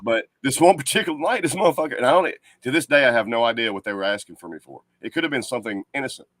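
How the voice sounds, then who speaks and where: A man talks fast in a mid-range voice. He cracks jokes and tells his story with plenty of swearing, and the sound is dry and close. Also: mid-range voice, expressive, fairly bright tone, no echo. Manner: quick, joking, interrupts with wisecracks. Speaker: podcast co-host. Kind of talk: casual chat.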